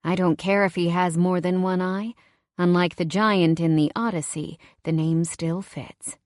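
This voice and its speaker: Casting: woman narrator, low-pitched, wry first-person romance read, close dry studio sound. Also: measured pace, no echo. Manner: wry, conversational, expressive. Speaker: audiobook narrator.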